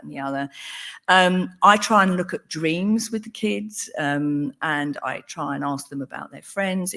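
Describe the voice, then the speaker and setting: A woman's voice: fairly low pitch, a bit bright. An older woman, a psychotherapist, speaking earnestly and thoughtfully on a panel, with frequent ums and restarts. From England. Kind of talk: talk on a panel.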